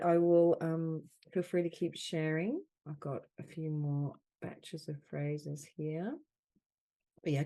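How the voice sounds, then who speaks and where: Slow, low, mellow-voiced woman mentor. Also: dry recording. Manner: soft, slow, repeating phrases with long pauses. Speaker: soul mentor leading a group call. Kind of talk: slow guided healing affirmations. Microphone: video call.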